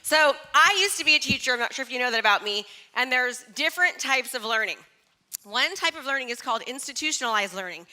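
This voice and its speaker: A middle-aged woman giving a live motivational speech on stage, energetic and chatty, asking the audience questions. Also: sits high, fast. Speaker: motivational speaker.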